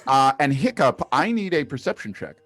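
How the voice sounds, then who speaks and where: A man's voice: medium pitch, dry recording, soft background music. A man running a tabletop role-playing game as game master, narrating scenes and calling for dice rolls. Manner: lively storytelling with quick put-on voices.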